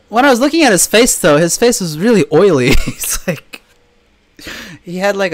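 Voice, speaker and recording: A man answering viewer questions in a casual live chat, telling stories and laughing often. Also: fairly high pitch. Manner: chatty storytelling, laughs often.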